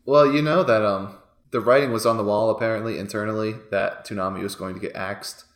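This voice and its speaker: A man in his thirties co-hosting a podcast, talking in an animated way full of fillers and frequent laughs. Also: lowish voice, fairly quick, roomy sound. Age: 30s. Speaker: podcast co-host. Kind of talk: casual chat.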